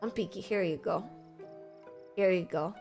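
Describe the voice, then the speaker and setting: A woman streamer, chatting casually with viewers and greeting them with excited squeals. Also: moderate pace, faint music behind. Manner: bubbly, greets chat with high excited squeals. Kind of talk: casual live-stream chat.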